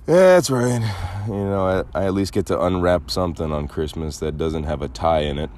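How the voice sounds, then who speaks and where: A man's voice: medium pitch, a little fast. A man hosting a podcast, rambling through a crude, joking monologue. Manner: rambling, crude, animated storytelling. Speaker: podcast host. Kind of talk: casual monologue.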